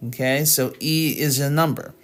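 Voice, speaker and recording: A woman's voice: very deep voice, normal speed, soft background music. A woman tutoring math live in a casual, chatty way. She sounds tired and fills her talk with ums and small laughs. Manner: chatty and relaxed, with frequent fillers and laughs.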